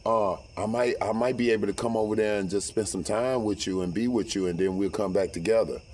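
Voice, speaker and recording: A sweet-talking woman on the phone, as a man puts her on, soft and low. She coaxes gently in an easy, hushed way. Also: fairly quick, a little hiss or hum, natural voice. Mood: coaxing.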